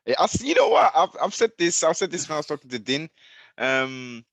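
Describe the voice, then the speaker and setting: A man hosts a relaxed interview, chiming in with brief, upbeat replies. His pitch moves up and down a great deal. The recording is close and dry with no room sound. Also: a little fast, creaky, dry recording. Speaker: host. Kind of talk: casual interview chat.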